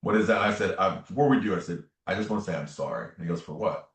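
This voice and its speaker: A man's voice: deep voice, quick pace. A man, a spiritual medium guest, telling his story in an earnest, emphatic way with repeated phrases. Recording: roomy echo, distant from the mic.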